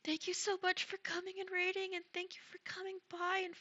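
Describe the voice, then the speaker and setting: A woman streamer chatting casually with her viewers, soft and gushing, stumbling over ums and restarts, still getting over a cold. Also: very high voice, completely flat delivery, brisk, muffled recording. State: recovering from a cold. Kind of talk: casual live-stream chat. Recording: streamer's mic with music behind.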